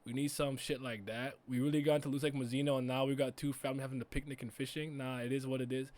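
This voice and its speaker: A man giving a casual reaction commentary as a streamer, laughing and swearing with loud frustrated outbursts. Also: mid-range voice, level tone, quick pace. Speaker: streamer reacting to an anime episode.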